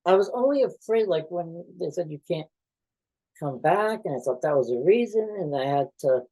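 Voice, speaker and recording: A man, a mental health professional, talking haltingly and defensively in a tense conversation, often trailing off. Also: a little high, expressive, warm tone, poor audio.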